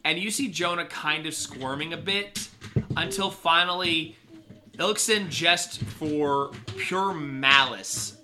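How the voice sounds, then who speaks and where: A man's voice: on the high side, slow pace, noisy background. Man narrating a tabletop game, stop-start. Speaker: game master.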